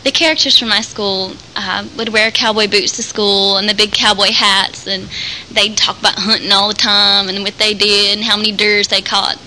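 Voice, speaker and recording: A young woman around twenty from Alabama with a faint Southern accent and a clear, trained voice, chatting lightly about her life. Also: mid-range voice, level tone, normal speed, bright, forceful tone, a little hiss or hum, poor audio. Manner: chatty, light, laughs easily. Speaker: theater student. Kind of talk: casual personal talk.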